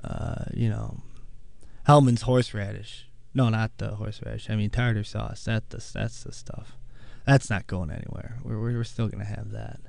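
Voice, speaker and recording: A man's voice: on the low side, steady tone, normal speed, gravelly, a little mellow, no echo. A man hosting a show in a casual, rambling monologue full of fillers and asides. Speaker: host.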